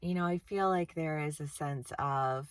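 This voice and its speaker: A woman with a lowish voice talks through a tarot reading in a loose, chatty way. She is blunt, swears freely and laughs often. Her voice sounds dry and close, with no room sound around it. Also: moderate pace, smooth, no room sound. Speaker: tarot reader. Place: outdoors-ish on a windy day.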